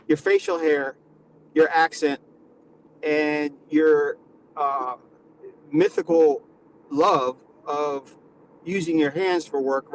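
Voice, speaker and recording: A man's voice: fairly high pitch, slight background noise, rough recording. A man with a nasal voice, lecturing in a mock-condescending way during a casual comedic panel chat.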